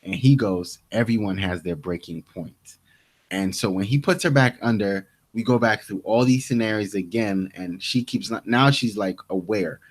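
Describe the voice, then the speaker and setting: A young man with a fairly low voice recaps a TV episode in loose podcast chat. He restarts his sentences often and slips into the characters' lines as he goes. The tone stays casual and conversational. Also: moderate pace. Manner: retelling scenes with quoted lines, restarts. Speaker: podcast co-host.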